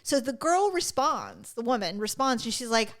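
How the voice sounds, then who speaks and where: A podcast co-host in casual chat, this woman tells a story animatedly and acts out the quoted voices. Her pitch is fairly high and she speaks at a normal speed.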